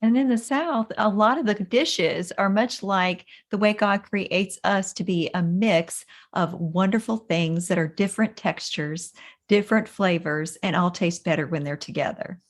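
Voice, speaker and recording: A woman's voice: medium pitch, measured pace. A woman hosting an interview podcast, asking earnest, appreciative questions. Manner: earnest, appreciative, faith-focused. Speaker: podcast host.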